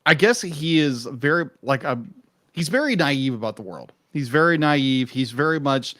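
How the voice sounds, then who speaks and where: Male co-host, mid-pitched, relaxed and agreeable, very dry close recording. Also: moderate pace, dry recording. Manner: relaxed, agreeable, breaks into goofy voices. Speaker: podcast co-host. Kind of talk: casual film review chat.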